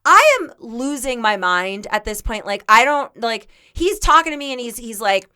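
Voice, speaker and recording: Young woman, podcast co-host, high bright voice, swooping pitch, rambling comic storytelling. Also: sing-song, moderate pace, clean tone. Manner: rambling, filler-heavy, laughing storyteller. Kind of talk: casual comedic storytelling.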